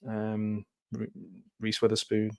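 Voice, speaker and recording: Chatty low-voiced man. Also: completely flat delivery, slow, vocal fry, dry recording, studio quality. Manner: chatty, laughs often, loose aside-filled talk. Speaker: host. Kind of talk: casual live film commentary. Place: home.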